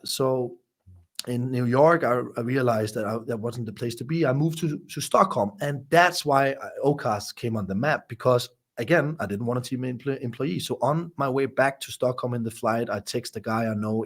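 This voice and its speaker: Brief: male life coach as a podcast guest, raw and emotional, mid-pitched, swears a lot, stumbles and repeats words. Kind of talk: candid interview storytelling.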